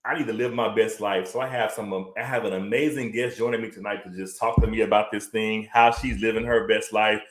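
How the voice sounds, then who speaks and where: Excitable male livestream host, roomy echo. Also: on the low side, a little fast, hardly any pauses. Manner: excited, chatty, repeats himself often. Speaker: host of a live web talk show. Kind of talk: energetic livestream monologue.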